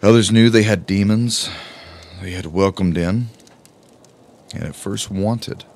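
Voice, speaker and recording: A man giving a slow, measured first-person audiobook narration. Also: on the low side, darkish tone.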